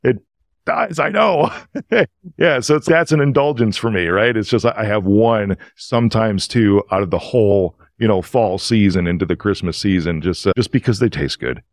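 A man with a somewhat low voice tells stories as a podcast guest, earnest and openly emotional. He sounds animated. The recording is dry and close, with no room sound. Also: moderate pace, no echo. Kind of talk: casual storytelling.

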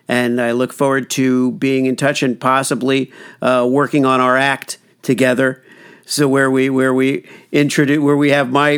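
A man hosting a podcast, chatting casually in a halting way with frequent restarts. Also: mid-range voice, clear, resonant tone. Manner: halting, many restarts and fillers. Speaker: podcast host. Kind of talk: casual interview chat.

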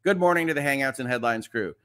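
This Midwestern livestream host talks fast in a medium-pitched voice that is clear, resonant and a bit bright. During his casual morning stream he reads chat messages aloud and responds, filling his speech with filler words.

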